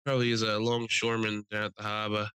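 A young man co-hosting a podcast, telling animated stories with lots of swearing, acting out quotes in a raised voice. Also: lowish voice, fast, clean tone, dry recording, poor audio. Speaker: podcast co-host. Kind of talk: casual storytelling chat.

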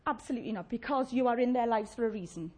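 A woman preaching a sermon, chatty and warm-humoured, often asking the congregation questions and laughing. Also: a little high, fast talker.

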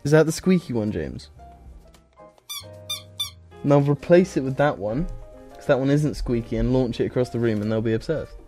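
A man's voice: mid-range voice, lively intonation, moderate pace, pauses often, warm tone, soft background music. A man co-hosting a casual podcast, teasing and needling his friends. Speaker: podcast co-host.

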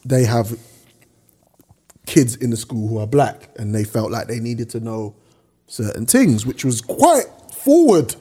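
Husky slangy man. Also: medium pitch, measured pace, pauses often. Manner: animated storyteller, slangy, swears freely. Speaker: podcast co-host. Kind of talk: casual chat.

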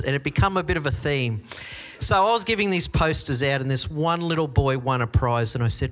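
A middle-aged Australian man preaching a sermon, telling stories with lively quoted voices. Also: mid-range voice, normal speed. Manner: storytelling, animated quoted voices. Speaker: pastor.

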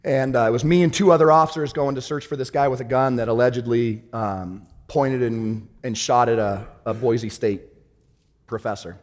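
A man preaching a sermon, swinging from loud triumphant shouts to hushed, laughing storytelling. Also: mid-range voice, fairly even intonation, moderate pace, in a large hall. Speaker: pastor.

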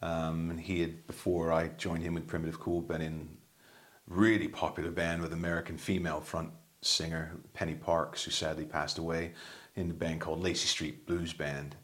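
A man's voice: rumbling low, little pitch movement, normal speed, a bit bright. A man, a musician, telling rambling anecdotes in casual chat, with plenty of ums. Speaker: musician guest.

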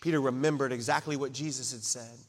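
A man preaching a sermon, swinging from loud declarations to hushed asides and acting out the quoted lines. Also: medium pitch, fairly even intonation, fast talker. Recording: long hall reverb.

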